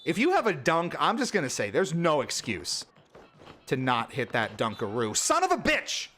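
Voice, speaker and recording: A man's voice: medium pitch, normal speed, slight background noise. Exasperated man calling his own gameplay. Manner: exasperated, animated play-by-play with frustrated outbursts. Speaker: streamer. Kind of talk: livestream gameplay commentary.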